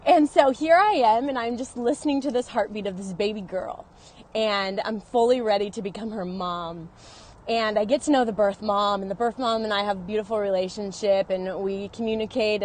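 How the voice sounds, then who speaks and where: A woman sharing a personal story in a confessional vlog, earnest and openly emotional, talking into her phone in and around her car. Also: mid-range voice. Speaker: vlogger.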